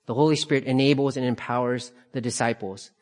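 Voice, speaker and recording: A man teaching a Bible study, calmly explaining passages and repeating key phrases for emphasis. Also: medium pitch, brisk.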